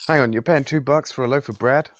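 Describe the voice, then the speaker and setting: A man's voice: mid-range voice, quick pace, highs cut off. A man in casual conversation, blunt and skeptical, swearing often.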